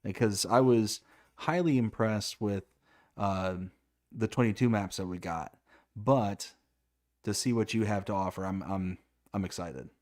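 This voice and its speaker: A man's voice: on the low side, a little slow, a little mellow. A man hosting a livestream interview, reading viewer questions and asking long, wordy questions with enthusiasm.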